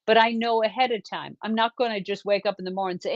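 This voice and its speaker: A woman's voice: medium pitch, fairly even intonation, quick pace, no room sound. A woman talks earnestly and directly about relationships, her voice in a middle register. The audio is dry and a little dull, the way a video call sounds. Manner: chatty, earnest, gives direct advice. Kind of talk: casual advice chat.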